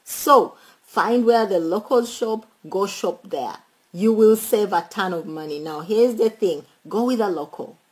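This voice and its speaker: A woman chatting casually as a travel vlogger, animated and quick to laugh, speaking to her viewers and calling out friends by name. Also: mid-range voice, poor audio. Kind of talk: casual travel tips chat.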